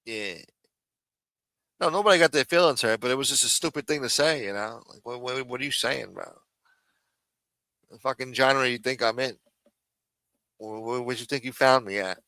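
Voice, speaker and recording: A man's voice: medium pitch, moderate pace, long pauses, sharp tone, no room sound. A man hosting a live stream in a casual, profane rant, with many fillers, repeated phrases and muttered asides.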